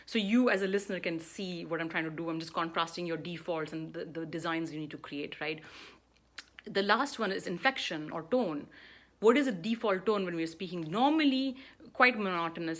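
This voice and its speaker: A woman's voice: lowish voice, normal speed, a bit bright. Emphatic woman coaching on public speaking. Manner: emphatic, with frequent rhetorical "right?" checks.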